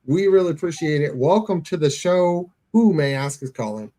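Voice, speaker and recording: A man co-hosting a live call-in show, easygoing and quick to laugh, thanking each caller. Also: on the high side, dark tone. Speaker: show co-host.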